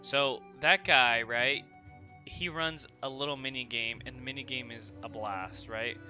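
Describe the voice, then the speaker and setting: A man's voice: medium pitch, measured pace, sharp tone, dull audio. A young man hosting a gaming channel, chatting casually about his gameplay and often asking viewers "right?". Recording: voice-over with game music behind.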